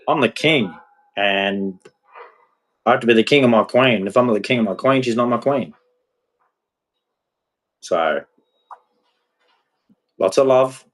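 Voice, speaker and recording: A man's voice: medium pitch, breathy edge, rough recording. A man giving a blunt, rambling, emphatic monologue about relationships, speaking candidly as a podcast host.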